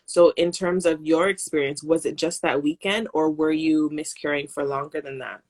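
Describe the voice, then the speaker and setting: A woman's voice: sits low, steady tone, moderate pace, few pauses. A woman hosting a live chat, listening with empathy and asking supportive questions. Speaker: host. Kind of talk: casual interview chat.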